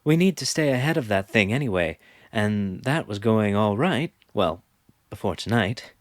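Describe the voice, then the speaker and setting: Storybook role: a man playing a gentle young woman, cautious and soft, pitched up a little. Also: lively intonation, moderate pace, dry recording, studio quality, close to an everyday voice. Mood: reassuring. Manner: hesitant, soft-spoken.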